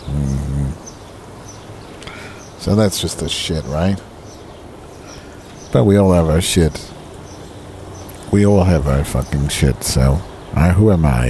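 A man's voice: low-pitched, warm tone. A man ranting in a casual vlog from a park bench, profane, grumbling and self-pitying. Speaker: vlogger. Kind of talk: rambling outdoor vlog rant. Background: birds and passing traffic.

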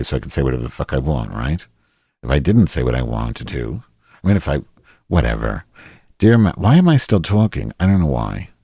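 A man's voice: rumbling low, dark tone, breathy edge, no room sound, clean studio sound. A man hosting a solo podcast in a rambling, profane, self-deprecating monologue. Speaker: podcast host.

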